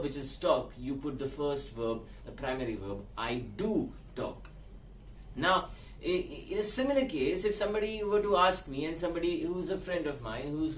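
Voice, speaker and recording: A man teaching English grammar, explaining slowly with frequent fillers and repeated words. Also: fairly high pitch, distant mic, a little hiss or hum. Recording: echoey room, set back from mic.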